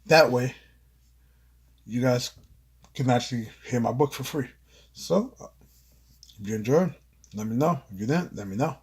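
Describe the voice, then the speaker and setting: A man reading his own book aloud as an amateur audiobook, with expressive, earnest delivery. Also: mid-range voice, normal speed, long pauses, husky. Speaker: author and narrator.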